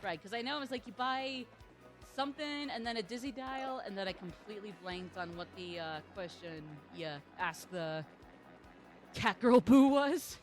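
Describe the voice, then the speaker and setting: A woman's voice: mid-range voice, normal speed, a bit bright, soft background music. A woman streamer chatting casually while playing a game, chatty and self-deprecating. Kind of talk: casual gaming stream chat.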